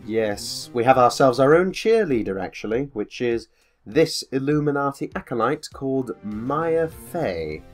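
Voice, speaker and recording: A man's voice: medium pitch, sing-song, unhurried, soft background music. A man giving sardonic, rambling let's-play commentary with frequent swearing. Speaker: game commentator.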